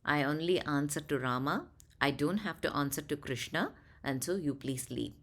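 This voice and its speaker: Storybook old monkey god, male, calm and dismissive, low voice, as a woman reads him. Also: moderate pace.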